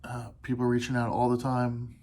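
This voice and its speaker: A man hosting a solo podcast, talking in an earnest, halting way with restarts and pauses, swearing casually as he opens up. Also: medium pitch, monotone, a little mellow. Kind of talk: candid solo podcast monologue.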